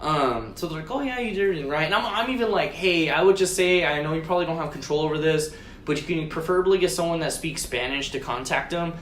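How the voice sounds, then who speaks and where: Swearing freely, this podcast co-host rambles through a long story, acting out both sides of the conversations he recounts in casual chat. His voice is on the high side and a bit bright, his pace quick, with roomy echo and faint noise in the recording.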